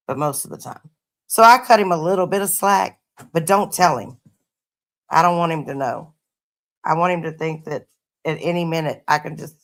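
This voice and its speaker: Gravelly-voiced woman swearing casually. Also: deep voice. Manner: profane, laid-back storytelling. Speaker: livestreamer chatting with viewers. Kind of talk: casual livestream chat. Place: her home.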